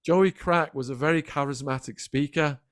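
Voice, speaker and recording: A middle-aged man, a podcast guest telling animated stories in a casual interview. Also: a little high, no echo, studio quality. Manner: animated, quick anecdotal storytelling. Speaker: podcast guest, former prisoner.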